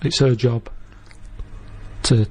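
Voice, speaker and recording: A man pitching a film idea in a comedy scene, deadpan and rambling, acting out bits of dialogue as he goes. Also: takes it slowly, slight background noise. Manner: deadpan, rambling, acts out lines in little voices.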